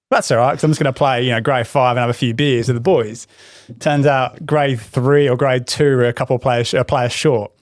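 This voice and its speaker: A man with a Worcester English accent, a podcast host telling lively anecdotes with plenty of swearing. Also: medium pitch, no room sound, studio quality. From Worcester, England. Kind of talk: casual podcast storytelling.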